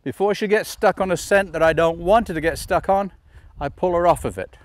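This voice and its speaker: A man training a dog outdoors, explaining each step and calling the dog with calm, coaxing commands. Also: high-pitched, a little fast, no room sound. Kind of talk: instructional demonstration. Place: outdoors in a field.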